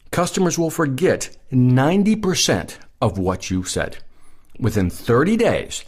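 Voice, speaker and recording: A man hosting a sales advice podcast, speaking emphatically and repeating his key points. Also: mid-range voice. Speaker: podcast host.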